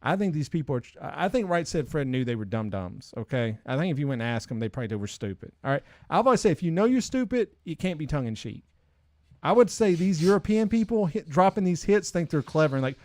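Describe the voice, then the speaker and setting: A man in his forties hosting a casual podcast chat, ranting with animated opinions. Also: medium pitch, quick pace, no room sound, studio quality. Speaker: podcast host.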